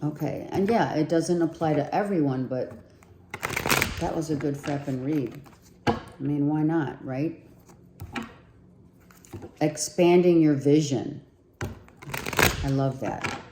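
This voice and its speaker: A woman's voice: low voice, echoey room, very noisy. A woman giving a casual tarot reading to her viewers, chatty and repetitive, thinking aloud as she pulls cards, her voice nearly giving out. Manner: chatty, repeats herself, thinks aloud while pulling cards. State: losing her voice. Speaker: tarot reader.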